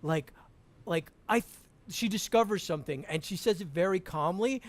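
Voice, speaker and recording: A man chatting as a podcast guest over a call, animated, laughing often and restarting his sentences. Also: sits high, moderate pace. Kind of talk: casual podcast chat.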